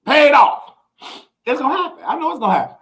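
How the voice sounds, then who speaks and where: A man hosting a livestream talk show, swinging from preachy, excited exclamations and scatting sounds to relaxed explaining. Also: very high-pitched, rapid-fire. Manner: relaxed explaining when giving money tips. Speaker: show host.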